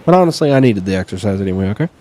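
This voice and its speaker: A man's voice: on the low side, expressive, rapid-fire, mellow. A man casually commentating his own game, chatty and swearing, talking back at enemies and sniffling near his desk mic. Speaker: gaming streamer.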